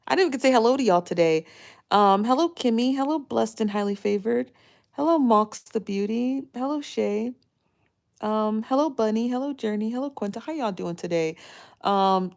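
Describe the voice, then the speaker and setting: A woman's voice: medium pitch, vocal fry, a little mellow. A woman chatting casually on her live stream, rambling with many fillers and greeting viewers by name.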